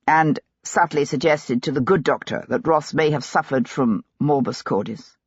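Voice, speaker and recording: A woman's voice: sits low, normal speed, husky, no room sound, voice pushed down. A woman voicing a stern, determined male investigator who asks terse, probing questions, in a dull, dry recording.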